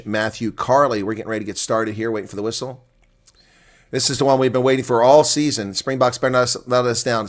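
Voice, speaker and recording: Excitable man calling a rugby watch-along. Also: mid-range voice. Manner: excitable, swings from quiet asides to loud calls; opinionated, argues with referee calls. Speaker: live watch-along commentator. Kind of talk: live reaction play-by-play commentary.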